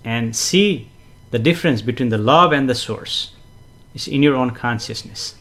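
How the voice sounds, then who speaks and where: Relaxed man hosting a live stream. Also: medium pitch, moderate pace. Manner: chatty, relaxed, frequent fillers and soft chuckles; gently explanatory, repeats himself for emphasis. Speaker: live-stream host reading viewer comments. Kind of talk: casual live-stream chat with spiritual teaching.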